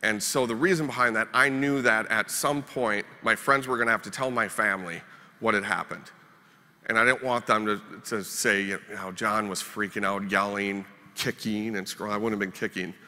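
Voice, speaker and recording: Keynote speaker from Minnesota, wry and self-deprecating, lowish bright voice, long hall reverb. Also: male voice, fairly even intonation, moderate pace. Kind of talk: storytelling keynote speech. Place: conference hall.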